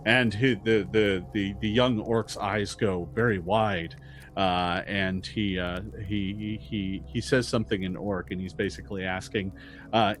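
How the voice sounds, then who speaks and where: Halting male game master narrating. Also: lowish voice, fairly even intonation, a little hiss or hum. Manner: hesitant, full of fillers and restarts.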